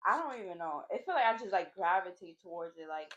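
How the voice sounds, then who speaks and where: Casting: woman, lower voice with lively pitch, unsure short answers, dull muffled recording. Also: fast. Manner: brief, hesitant replies. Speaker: little sister.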